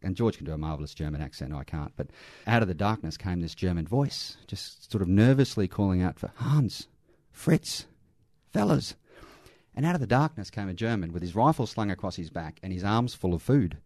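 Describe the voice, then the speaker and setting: A man's voice: sits low, quick pace, hardly any pauses, darkish tone, dry recording, clean studio sound. A middle-aged Australian man, an army veteran working in aged care, telling earnest stories in an interview with restarts. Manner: earnest, anecdotal, with frequent restarts and light laughs. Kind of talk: conversational interview storytelling.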